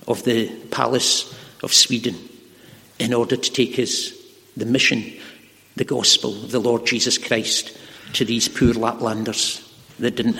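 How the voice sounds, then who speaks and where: A man preaching a sermon in a church, telling stories earnestly and slowing down to stress key words. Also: mid-range voice, a bit bright. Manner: earnest, slows for emphasis. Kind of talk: sermon with storytelling. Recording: long hall reverb.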